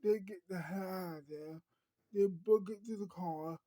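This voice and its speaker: A woman's voice: fairly low pitch, measured pace, mellow, no echo, poor audio. A woman telling an improvised story in a rambling way, often restarting and correcting herself.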